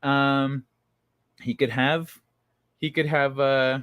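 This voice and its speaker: A livestream host with a medium-pitched, level, a bit bright voice speaks slowly and pauses often, his clean tone free of room sound. He reads viewer comments and chats loosely, joking with chat and swearing freely.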